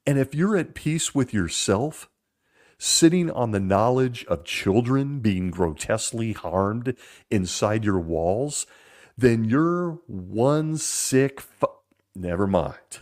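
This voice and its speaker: A man's voice: fairly low pitch, lively intonation, slow, a little mellow. A man hosting a podcast, giving critical commentary in a sarcastic, mocking way. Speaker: podcast host.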